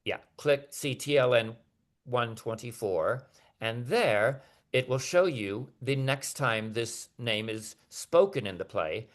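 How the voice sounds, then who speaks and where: A man's voice: mid-range voice, animated, takes it slowly. A man giving an academic lecture over a video call, talking hesitantly with many fillers and restarts.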